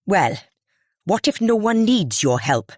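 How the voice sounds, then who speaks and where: A woman's voice: medium pitch, sing-song, takes it slowly, darkish tone, dry recording, studio quality, pitched above the performer's own voice. A narrator voicing a stern shopkeeper woman who speaks firmly and snaps her replies. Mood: snappish. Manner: firm, snapping.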